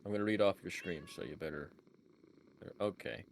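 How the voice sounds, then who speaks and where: A man with a New York accent and a somewhat low voice talks over a voice-chat mic. He jokes around and rambles, poking fun at himself. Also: moderate pace, creaky, slight background noise. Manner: joking, rambling, self-deprecating. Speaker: guest on voice call. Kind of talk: casual stream chat.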